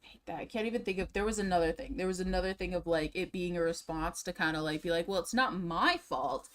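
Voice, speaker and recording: A woman's voice: fairly low pitch, fairly even intonation, quick pace. A young woman streamer ranting in a casual, profane, exasperated way, repeating herself as she talks from a room at home. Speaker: streamer reacting to drama videos.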